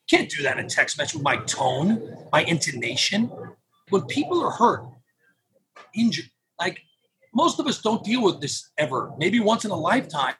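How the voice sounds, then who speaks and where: A man with a high voice talks as an interview guest, lively and quick to act out what other people say. Faint noise sits under his voice. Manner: animated, acts out clients' quotes. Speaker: podcast guest, phone number business owner. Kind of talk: casual interview talk.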